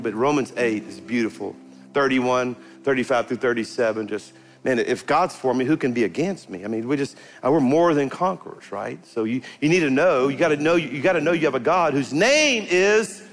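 Standing in the sanctuary, a middle-aged male pastor preaches to his congregation in a medium-pitched voice. His sermon is animated and emphatic, with calls to the crowd and surges of fervor.

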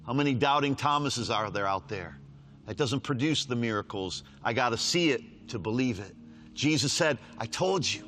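A man preaching a sermon, reading scripture aloud with rising force and dropping to quiet, repeated appeals. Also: animated, moderate pace, soft background music. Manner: swings from loud raised scripture reading to low hushed pleading; repeats lines for emphasis.

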